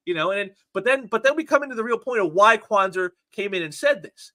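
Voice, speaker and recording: A man's voice: high voice, expressive, quick pace, hardly any pauses, pushed and bright. A man hosting a casual commentary show, reading out online posts and mocking them sarcastically, often repeating his words. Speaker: commentary channel host.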